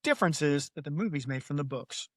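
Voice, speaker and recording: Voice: medium pitch, lively intonation, fairly quick, no echo, studio quality. Chatty joking podcast co-host. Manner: chatty, joking, plays voices in anecdotes. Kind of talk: casual chat.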